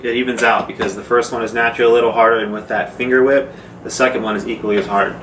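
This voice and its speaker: A man's voice: medium pitch, steady tone, rapid-fire. A man teaching drum rudiments in a casual, informal way, talking through exercises with fillers as he demonstrates. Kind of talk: casual instructional talk. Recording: echoey room, mic far off, noisy.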